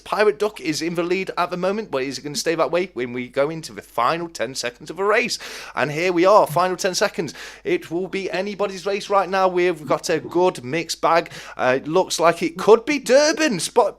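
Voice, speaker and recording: A man hosting a live stream chat, calling a race with rising excitement and lots of fillers. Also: sits high. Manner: excitable, rising fast commentary with frequent fillers. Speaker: host.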